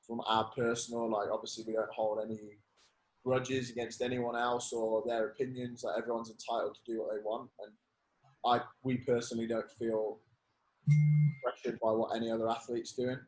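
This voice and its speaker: A man's voice: medium pitch, little pitch movement, normal speed, low-quality recording. A man who is a guest on a podcast, explaining things loosely with lots of fillers in a casual chat.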